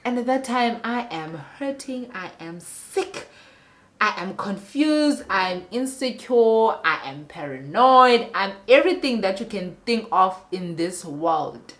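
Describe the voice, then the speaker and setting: A woman's voice: mid-range voice, sing-song, a little slow. A young South African woman telling a personal story to her viewers in a casual vlog, emphatic and talking straight to them. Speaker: vlogger.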